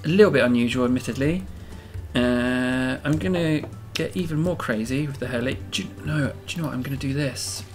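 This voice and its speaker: A man's voice: mid-range voice, fairly quick, faint music behind. Playful man narrating a game build. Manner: playful, self-amused, thinking aloud. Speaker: game video host. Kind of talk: casual build commentary.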